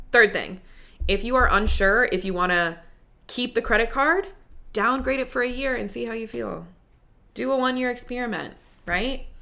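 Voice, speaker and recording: An upbeat woman talks through her own money podcast in a loose, chatty way. She keeps checking in with the listener as she goes. Her voice is bright and forward. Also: medium pitch. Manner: chatty, upbeat, with frequent likes and rights. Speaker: podcast host and money coach. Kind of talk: casual solo podcast talk.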